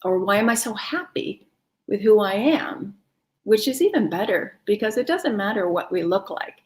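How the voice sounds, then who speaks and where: A woman's voice: mid-range voice, very animated, moderate pace. A woman teaching a live-streamed wellness class, talking in an encouraging, chatty way and laughing often. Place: home, no kids in the house.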